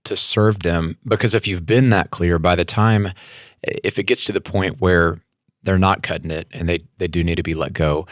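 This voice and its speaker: A deep-voiced male host adds a calm, agreeable follow-up to his guest's point. The recording is dry, with no room sound. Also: normal speed, dry recording.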